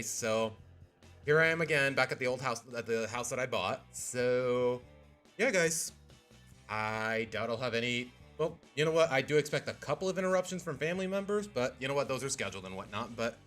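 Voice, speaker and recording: Man streamer at medium pitch, casual rambling chat over soft background music. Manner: rambling, keeps saying "you know what".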